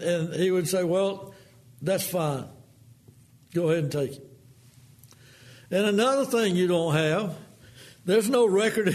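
A man preaching a sermon in a folksy manner, acting out quotes in a lower voice.

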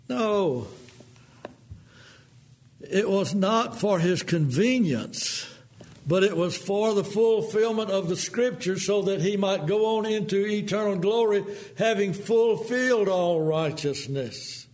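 A man preaching a sermon in a folksy manner, acting out quotes in a lower voice. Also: takes it slowly, a little mellow.

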